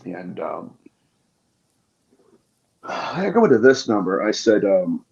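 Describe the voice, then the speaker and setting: A man's voice: fairly low pitch, very animated, takes it slowly, gravelly, darkish tone. A man guest on a podcast interview, telling his experiences with passion. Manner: passionate storytelling. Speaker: guest demonologist. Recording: dull lo-fi audio.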